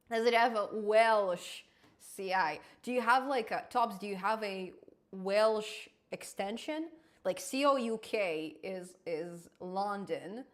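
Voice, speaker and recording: A woman's voice: medium pitch, slow. A woman hosting a casual live coding stream, thinking aloud as she works and answering chat.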